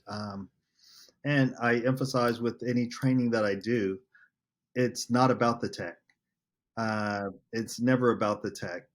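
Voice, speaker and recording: A man who was once a school principal, talking in an earnest, casual way and repeating his key points for emphasis. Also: on the low side. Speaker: former principal, ed tech educator. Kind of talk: casual podcast conversation.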